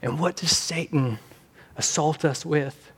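A man preaching a sermon as pastor, earnest, slowing down and rising in volume for emphasis. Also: a little high, a bit bright, husky. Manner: earnest, slows and rises for emphasis.

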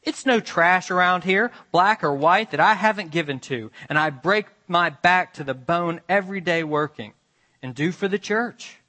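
A man preacher voicing an indignant, proud older farm woman who shouts angry rhetorical questions at God. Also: mid-range voice, moderate pace, big-room sound, lightly acted.

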